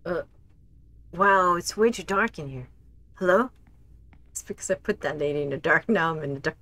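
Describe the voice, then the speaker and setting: A woman streaming a game, reacting out loud as she plays, talking to herself and laughing often. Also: fairly low pitch, moderate pace, no echo. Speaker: gaming streamer. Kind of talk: casual let's play commentary.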